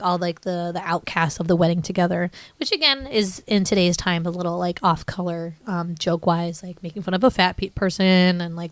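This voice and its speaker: A woman's voice: fairly low pitch, no room sound. A young woman co-hosting a podcast, retelling scenes eagerly in casual chat, with many "like" fillers. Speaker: podcast co-host.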